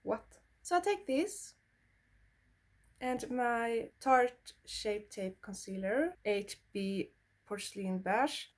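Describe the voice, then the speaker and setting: Slow-talking Swedish-accented woman. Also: on the high side, animated. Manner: blunt, swears freely, chatty. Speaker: beauty vlogger. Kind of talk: casual makeup tutorial chat.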